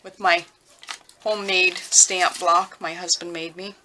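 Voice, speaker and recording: A woman talking casually while she works on a craft project at home, rambling and thinking out loud with lots of fillers. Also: on the low side, flat delivery, measured pace. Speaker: crafting vlogger. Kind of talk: casual craft tutorial chat. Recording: noisy with clicking sounds.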